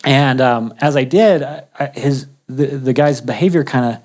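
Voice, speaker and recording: A man's voice: medium pitch, normal speed, a little mellow. A man casually telling a personal faith story, humorous and chatty, often restarting his sentences. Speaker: guest sharing a faith testimony.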